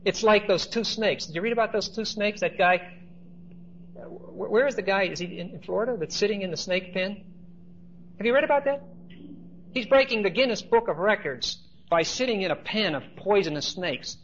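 Pastor, male, chatty storytelling preacher; a touch high-pitched, muffled old church tape. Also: moderate pace, a bit bright, slight background noise. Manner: conversational storytelling with asides to the congregation. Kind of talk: sermon.

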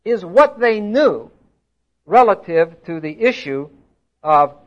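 Older male preacher, high-pitched, teacherly and emphatic, slightly muffled recording. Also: big pitch swings, takes it slowly. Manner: teacherly, asks the congregation questions, stresses words emphatically. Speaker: pastor. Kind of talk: expository sermon. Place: church hall before a congregation.

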